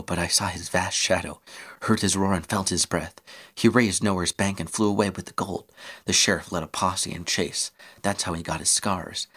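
A man's voice: sits low, a bit bright, slightly rough. A man voicing a smug gold-loving gunslinger woman. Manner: smug, teasing.

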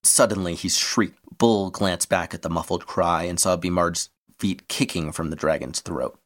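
A man reading an adventure story aloud in steady scripted narration. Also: low voice, normal speed.

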